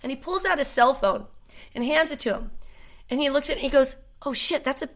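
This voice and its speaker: A woman's voice: sits high, quick pace. A woman musician on a podcast, telling a story in a loose, laughing way and swearing freely. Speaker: guest, musician. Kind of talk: casual podcast chat.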